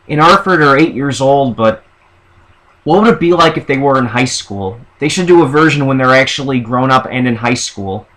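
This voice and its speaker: A man talking alone to his camera in a loose, rambling way, working through a list of ideas. His voice sits at an ordinary pitch. He often restarts his sentences. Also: fairly bright tone, low-quality recording. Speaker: vlogger. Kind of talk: casual monologue listing ideas.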